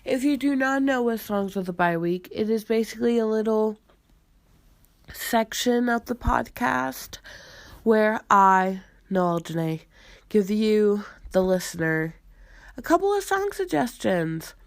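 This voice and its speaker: A woman's voice: mid-range voice, animated, a little slow, no room sound, clean studio sound. A young adult woman hosting her own podcast, chatting casually and gushing, with lots of fillers and little laughs. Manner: gushing, filler-heavy, giggly. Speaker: podcast host. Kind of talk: casual chat.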